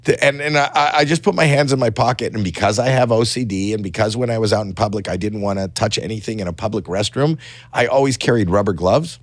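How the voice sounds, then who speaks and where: A middle-aged man telling rambling anecdotes as a podcast guest, animated, with frequent stammering restarts, in a studio. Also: lowish voice, fast, dry recording. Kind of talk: casual storytelling chat.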